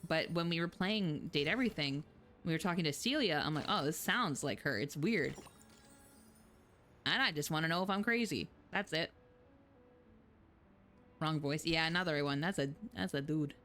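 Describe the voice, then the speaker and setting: A woman's voice: sits low, animated, moderate pace, pauses often, fairly bright tone, slight background noise. Chatty woman streamer reacting to a game. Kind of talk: casual game commentary.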